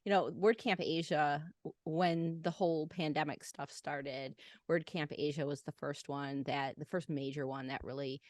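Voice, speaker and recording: A woman's voice: low voice, steady tone, normal speed, dry recording, studio quality. A woman hosting a casual chat, effusive and encouraging toward her guest. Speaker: host. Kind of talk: casual conversation.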